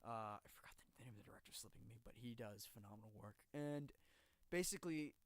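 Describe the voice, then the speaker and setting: Animated, foul-mouthed male podcast co-host. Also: mid-range voice, quick pace, no room sound. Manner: animated storyteller, swears freely. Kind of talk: casual chat.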